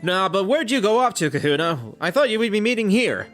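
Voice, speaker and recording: A man voicing an excitable, cheery male professor, with loud, bouncy announcing. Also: high-pitched, a little fast, faint music behind, voice pushed up. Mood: excited.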